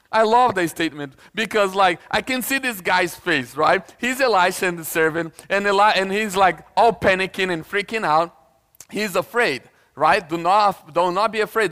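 Male preacher, casual storyteller, clear resonant voice in a reverberant hall. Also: sits high. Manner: animated storytelling, acts out voices, casual asides. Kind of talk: sermon.

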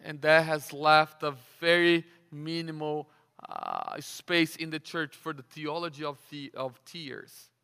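A man delivers a sermon in a high, bright voice. He keeps asking his listeners questions and stumbles over repeated words as he goes. A long reverb trails after each phrase. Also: big pitch swings, slow, creaky, smooth. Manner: rhetorical questions, frequent word repeats. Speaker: preacher.

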